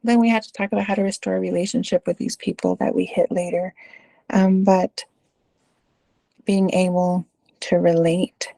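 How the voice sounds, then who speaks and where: A woman's voice: fairly low pitch, level tone, normal speed, gravelly, long pauses, dark tone, no room sound. A middle-aged woman with a Texan accent, a school administrator answering interview questions in a casual storytelling way, with lots of fillers and "right?" tags.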